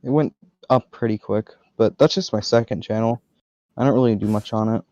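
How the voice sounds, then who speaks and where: A man's voice: on the low side, fairly even intonation, brisk, dark tone, dry recording, lo-fi sound. A man from Australia, a podcast guest, chatting casually and offhandedly about his channel, often repeating words as he goes. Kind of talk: casual chat.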